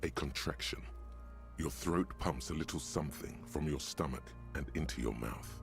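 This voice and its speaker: An actor voicing a grim, omniscient male video game narrator, deliberate and vivid in second-person narration. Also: very deep voice, gravelly, faint music behind.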